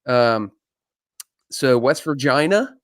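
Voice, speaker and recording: A man's voice: medium pitch, lively intonation, takes it slowly, fairly bright tone, no echo, studio quality. A man co-hosting a live fishing podcast, chatting casually, often joking and laughing, with many ums. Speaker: podcast co-host.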